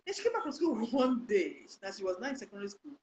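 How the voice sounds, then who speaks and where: A woman hosting a Christian health talk show, speaking in a lively, sermon-like way with loud bursts for emphasis. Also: on the high side, fast, lo-fi sound, slight background noise. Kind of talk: live online talk show, preachy storytelling.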